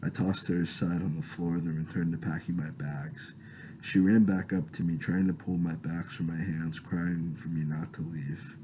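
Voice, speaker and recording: A man's voice: low voice, flat delivery, moderate pace, warm tone, slight background noise, rough recording. A man reading his own first-person novel aloud in a plain voice, often stumbling and correcting himself. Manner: plain reading with frequent restarts and self-corrections.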